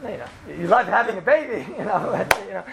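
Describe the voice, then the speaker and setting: A man giving an informal Torah talk to students, telling stories in a rambling, animated way with many fillers and laughs. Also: high voice, quick pace, gravelly, crowd noise. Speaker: yeshiva lecturer. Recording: echoey room with background noise.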